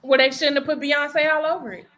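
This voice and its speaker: Female podcast host, playful teasing banter, slightly high. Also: fairly even intonation, a little fast, fairly bright tone.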